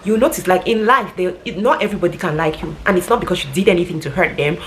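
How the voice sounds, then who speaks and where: A woman's voice: on the low side, fast talker, a bit bright, slight background noise. A woman talking casually and earnestly, giving rambling advice like a vlogger.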